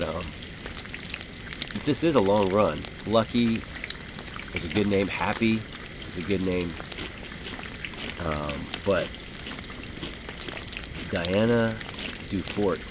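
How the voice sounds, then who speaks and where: A man hosting a gaming channel, chatting casually over gameplay in a rambling, easygoing way with chuckles. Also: low voice. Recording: clearly audible game noise behind voice.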